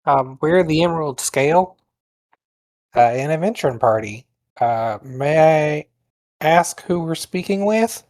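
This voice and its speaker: A man speaks casually as a player in an online tabletop game. He talks slowly and hesitantly, with lots of ums. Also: on the high side, lively intonation, darkish tone. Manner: hesitant, filler-heavy. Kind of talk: casual tabletop play and in-character talk.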